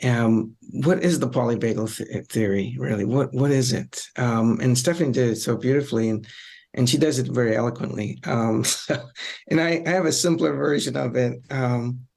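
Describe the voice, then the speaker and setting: Gravelly-voiced man explaining calmly. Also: medium pitch, moderate pace. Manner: reflective, repeats phrases for emphasis, frequent ums. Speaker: psychologist panelist. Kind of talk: panel discussion, conversational explaining.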